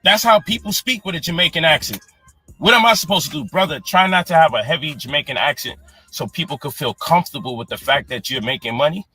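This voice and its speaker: A man's voice: fairly high pitch, fast, bright, forceful tone, husky, no echo, faint music behind. A man in a heated, profane live-stream rant, angry and exasperated. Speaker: online personality defending his program.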